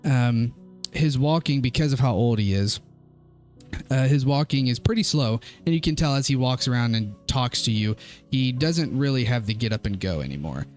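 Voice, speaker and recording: A young man narrating a tabletop game as game master, relaxed and halting, with many fillers. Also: mid-range voice, soft background music.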